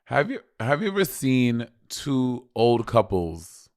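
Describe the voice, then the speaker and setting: A man's voice: mid-range voice, sing-song, takes it slowly, darkish tone, no room sound, clean studio sound. A man in his thirties co-hosting a podcast, chatting in a campy, blunt way and swearing freely. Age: 30s. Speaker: podcast co-host. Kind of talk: casual chat.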